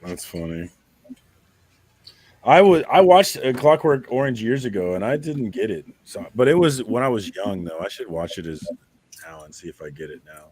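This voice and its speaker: A man's voice: lowish voice, sing-song, normal speed, darkish tone, husky. A man co-hosting a casual online chat, laid-back and laughing easily, greeting viewers by name. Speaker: co-host.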